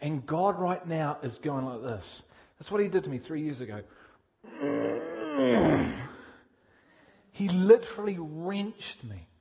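Energetic male preacher. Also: on the high side, takes it slowly, gravelly, long pauses. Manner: energetic, swings from loud emphasis to quiet intensity, questions the congregation. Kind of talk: sermon.

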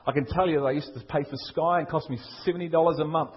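A man's voice: fairly high pitch, steady tone, fast talker, breathy edge, highs cut off. A man with a Liverpool accent preaching a sermon, emphatic and full of rhetorical questions. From England. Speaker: pastor.

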